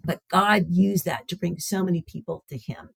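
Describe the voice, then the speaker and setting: Husky woman telling a tender story. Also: on the low side, normal speed, no echo. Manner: heartfelt, tender, repeats phrases for emphasis. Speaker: guest. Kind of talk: emotional personal storytelling.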